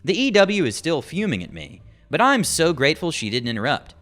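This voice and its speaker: Bright, animated male narrator reading stories over soft music. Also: a little high, a little fast. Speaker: story narrator. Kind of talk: reading online stories aloud.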